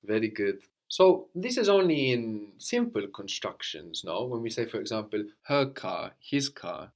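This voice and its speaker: A man leads a language lesson in a lowish voice. He explains patiently and keeps prompting his student to answer. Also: big pitch swings, measured pace. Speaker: language teacher.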